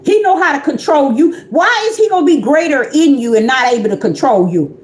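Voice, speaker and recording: A self-described prophetess preaches an informal livestream sermon, her high-pitched, animated voice moving fairly quickly through an echoey room. She talks conversationally and repetitively, addressing her listeners directly.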